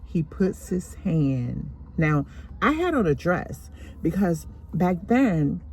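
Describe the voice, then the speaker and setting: A woman slowly and deliberately telling a painful personal story from her childhood. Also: on the low side, very animated, darkish tone, a little hiss or hum. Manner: slow, deliberate, emotional retelling.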